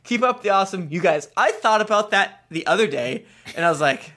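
A man's voice: high-pitched, lively intonation, fairly quick, sharp tone. A man co-hosting a podcast, reading listener reviews aloud with jokey asides and stumbles. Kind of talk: casual chat.

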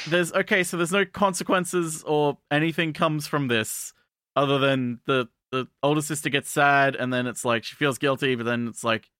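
Give me a man with a fairly high voice, chatting loosely about an anime. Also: steady tone, measured pace, a bit bright, clear, resonant tone, dry recording, clean studio sound. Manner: rambling, restarts, mock-dramatic asides. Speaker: podcast co-host. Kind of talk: casual comedic anime recap.

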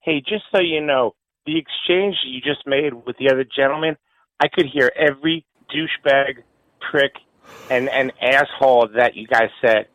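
A man's voice: mid-range voice, normal speed, no room sound, dull audio, close to an everyday voice. A man playing an irate customer who stammers and curses down the line. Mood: furious. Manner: shouting, cursing, stammering. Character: irate male customer on hold, foul-mouthed.

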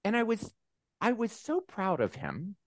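A man hosting a video call with supporters, telling a personal story in a casual, animated, self-deprecating way. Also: high-pitched, measured pace, no room sound, studio quality. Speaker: host. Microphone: video call mic.

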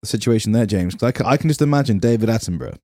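A man hosting a comedy podcast, with a lively voice that rises and falls a great deal. He keeps the talk playful and questioning. The recording is close and dry. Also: on the low side, rapid-fire, no room sound. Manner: animated, playful, asks questions. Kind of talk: casual comedy chat.

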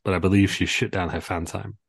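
A man co-hosting a casual wrestling podcast, quick and jokey. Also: deep voice, flat delivery, creaky, husky, no room sound, studio quality. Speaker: podcast co-host.

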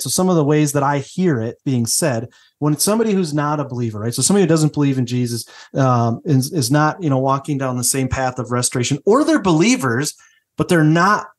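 Husky-voiced man in casual faith talk. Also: fairly high pitch. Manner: conversational, repeats "right?" often. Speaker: podcast co-host.

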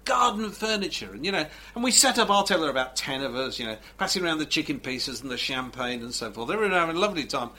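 Lively, bright man chatting. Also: fairly high pitch, fast talker, hardly any pauses. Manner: chatty storyteller, lots of "you know". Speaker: presenter. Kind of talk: casual chat.

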